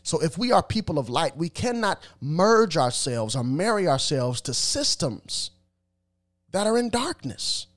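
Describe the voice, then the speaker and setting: A man's voice: on the high side, very animated, a little slow. Emphatic, preachy man commentator. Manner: preachy, emphatic, repeats words when stumbling. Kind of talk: religious commentary.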